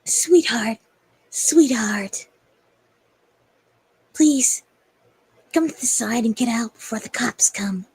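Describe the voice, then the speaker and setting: A woman's voice: on the high side, lively intonation, slow pace, long pauses, slightly rough, no echo, heavily acted, poor audio. Woman playing a frantic, pleading mother. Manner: yelling, pleading.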